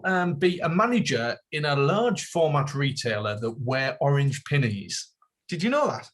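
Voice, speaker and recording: A man co-hosting a casual comedy podcast, playful and quick to laugh. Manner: playful, giggly, lively pitch swings. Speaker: podcast co-host.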